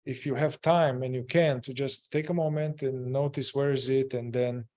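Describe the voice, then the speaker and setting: A man's voice: medium pitch, steady tone, moderate pace, darkish tone. A man guiding a group through an emotional inquiry practice, speaking hesitantly with many fillers and restarts. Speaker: group facilitator.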